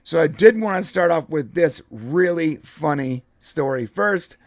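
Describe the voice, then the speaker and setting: High-voiced, rambling man on a dry live stream. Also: lively intonation, measured pace, no echo. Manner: rambling, laughs often, many restarts. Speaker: podcast co-host. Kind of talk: casual live-stream chat.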